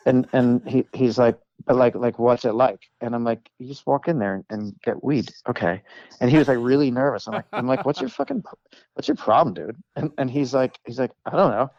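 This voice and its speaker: A man, a comedic actor, tells a long anecdote as a guest on a chat podcast. He rambles with fillers and restarts and slips into quick voices for the people in his story. The sound is close and dry, a bit dull and lo-fi. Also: mid-range voice, a little mellow, no room sound. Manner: rambling, many "like"s and restarts, acts out quoted voices.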